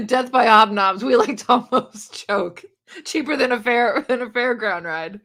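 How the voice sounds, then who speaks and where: A woman's voice: a little high, slow pace, a bit bright. Giggly, chatty woman hosting a live stream. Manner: giggly, chatty, often laughs and restarts. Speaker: booktube live-stream host. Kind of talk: casual live-stream chat, reading comments aloud.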